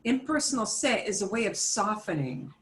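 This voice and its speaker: A woman's voice: medium pitch, lively intonation, normal speed, fairly bright tone. A woman teaching a beginner Spanish lesson, explaining patiently step by step and mixing Spanish phrases into her English.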